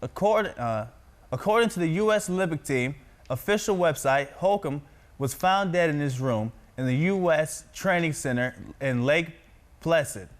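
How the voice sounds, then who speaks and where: Guy reading practice news copy, kinda high voice, trips over names n repeats them. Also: normal speed.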